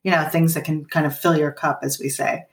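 Warm-toned woman coaching parents, roomy sound. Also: deep voice, level tone, a little fast, far from the mic. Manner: earnest, gently coaching, acts out parent and child lines. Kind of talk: advice in a podcast conversation.

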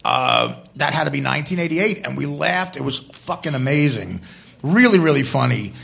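Man, high voice, gravelly, bright, profane rambling stories, live club stage. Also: lively intonation, normal speed. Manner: profane, rambling anecdotes with laughs. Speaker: guest comedian. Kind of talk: live podcast storytelling.

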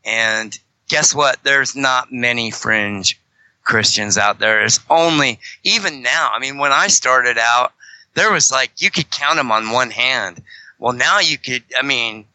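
A man's voice: medium pitch, a little slow, sharp tone, no echo, poor audio. A man chatting as a guest on a podcast, rambling and joking, with many self-corrections. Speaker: guest, fellow fringe Christian show host. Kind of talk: casual podcast chat.

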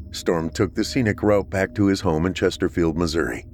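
A man narrating a dark story in a steady, measured reading. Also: low-pitched, slight background noise.

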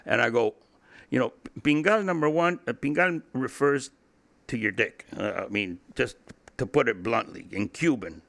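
Gravelly, profane older man telling stories. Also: medium pitch, normal speed, a bit bright. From Cuba. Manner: blunt, profane, laughs often, repeats himself. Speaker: interview guest. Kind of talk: candid storytelling in a podcast interview.

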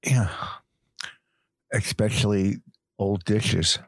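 Man, podcast co-host, deadpan rambling stories, low voice, dry close sound. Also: very slow, no room sound. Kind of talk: casual banter and storytelling.

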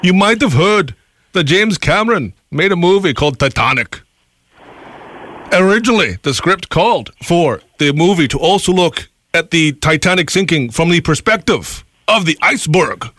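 Lively high-voiced man spinning a tall tale. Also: normal speed, dry recording. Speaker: radio co-host. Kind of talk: tongue-in-cheek storytelling.

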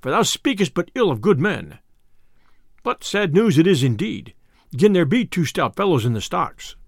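A man voicing a gruff, boastful, hot-tempered tinker who speaks in old-fashioned English. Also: fairly high pitch, very animated, moderate pace, no echo, clean studio sound, heavily acted. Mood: indignant. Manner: blustering, archaic speech.

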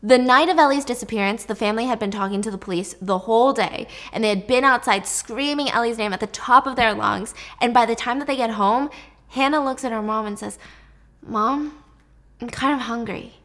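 A woman's voice: a little high, fairly quick, a bit bright. A woman telling a true story in a casual, chatty way, swearing offhand and talking straight to the listener.

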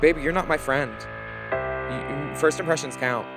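A man's voice: a little high, normal speed, over loud music. A man co-hosting a podcast, telling a story in casual gossip chat and acting out the people in it. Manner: animated storyteller who acts out the other people in his stories. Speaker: podcast co-host.

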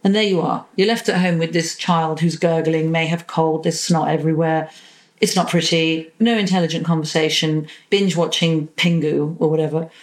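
A woman therapist talking in a podcast interview, animated, acting out quoted voices and swearing casually. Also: sits low, moderate pace, low-quality recording. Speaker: psychosexual and relationship therapist, podcast guest.

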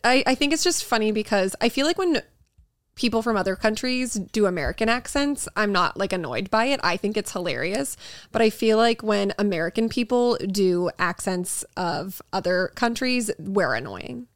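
A woman's voice: mid-range voice, animated, moderate pace, no echo, clean studio sound. A woman co-hosting a podcast in casual chat, telling stories and laughing often. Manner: chatty, laughs often, storytelling. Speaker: podcast co-host.

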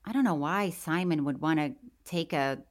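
A woman's voice: low-pitched, normal speed. A woman co-hosting a podcast, chatting casually in a bubbly way and laughing often. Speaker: podcast co-host. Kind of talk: casual chat.

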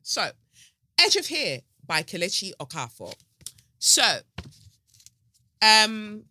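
Animated, playful woman podcast host. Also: mid-range voice, slow pace, pauses often, slight background noise. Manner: animated, playful, swears freely. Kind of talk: casual monologue.

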